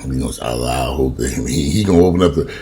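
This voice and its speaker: A vlogger in his fifties with a warm bass voice talks fast, ranting profanely and animatedly in a casual home vlog. He films himself on a camera in his kitchen.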